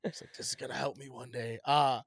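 A man's voice: mid-range voice, steady tone, a little fast, gravelly, slightly rough, no room sound. A young man co-hosting a casual podcast chat, rambling and swearing freely with frequent laughs. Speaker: podcast co-host.

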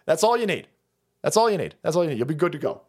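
Animated foul-mouthed man ranting. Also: on the high side, fast talker, slightly rough. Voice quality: foul-mouthed, loud and mocking. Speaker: stream host. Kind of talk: ranting political commentary stream.

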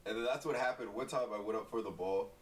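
A young man with a slightly low voice tells a loose, profane story, full of "like" and fillers. He sits well back from the mic in a roomy space, with a faint hum of noise behind him. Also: fast talker, distant mic. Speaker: guest. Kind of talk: casual chat.

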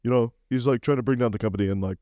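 A laid-back young man who rambles through casual comedic banter and drops "dude" into nearly every sentence. His voice sits at a middle pitch. The recording is close and dry with no room sound. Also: racing, dark tone, no room sound, highs cut off.

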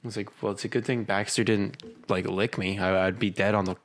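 A man's voice: fairly low pitch, steady tone, brisk. A young man in his twenties, co-hosting a casual comedy podcast and telling rambling stories full of quoted asides. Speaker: podcast co-host.

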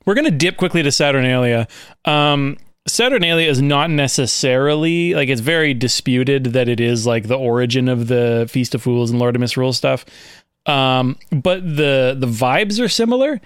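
A man's voice: medium pitch, moderate pace, smooth, dry recording, clean studio sound. A man hosting a casual comedic podcast, laughing often as he presents and reads out quotes. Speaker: podcast host presenting slides.

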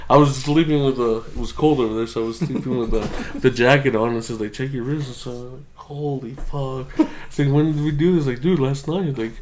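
A man's voice: mid-range voice, fast, few pauses, a little mellow. A young man telling a loose, rambling story on a casual podcast and laughing often. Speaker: podcast co-host.

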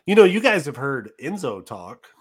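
A man's voice: mid-range voice, moderate pace, a crowd in the background. A man from Detroit telling stories in casual chat, acting out voices as he goes. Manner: animated storyteller acting out voices.

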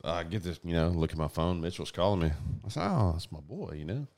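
A man, a police officer, telling a story among friends in a quiet, low-key way. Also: expressive, fast talker.

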